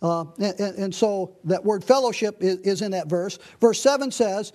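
High-voiced man preaching a sermon. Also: moderate pace, hardly any pauses, darkish tone. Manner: earnest, reads scripture aloud, frequent restarts. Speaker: pastor. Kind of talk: expository sermon.

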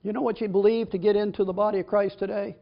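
A man's voice: high-pitched, flat delivery, fast, creaky, highs cut off. A man preaching a sermon and teaching from the Bible, reading scripture aloud with emphatic stress.

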